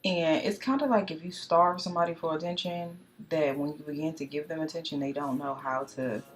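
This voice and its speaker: Young woman gossiping thru a makeup vlog, lowish voice, talks to y'all. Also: brisk. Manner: chatty, confiding, addresses viewers as y'all. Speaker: beauty vlogger. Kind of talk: casual chat while doing makeup.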